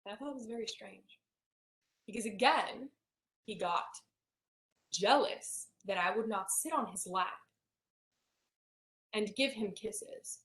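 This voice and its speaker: A woman telling a painful personal story in a client intake session, often dropping to a soft near-whisper. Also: mid-range voice, slow pace, pauses often. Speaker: hypnosis client. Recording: roomy echo.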